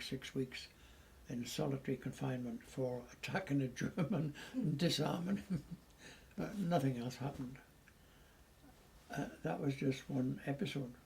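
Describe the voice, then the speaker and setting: A man in his eighties recounting old memories to family at home, lively and chuckling as he tells it. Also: medium pitch, creaky, slight background noise, low-quality recording. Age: 80s. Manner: lively storyteller who chuckles often. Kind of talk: casual storytelling.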